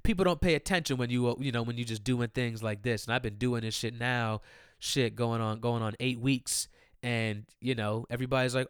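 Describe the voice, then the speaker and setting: A man's voice: mid-range voice, steady tone, a little fast, smooth, no echo, clean studio sound. A man hosting his own podcast, ranting in a profane, heated and repetitive way and talking straight to his listeners. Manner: talks directly to listeners. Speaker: podcast host. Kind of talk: casual solo podcast rant.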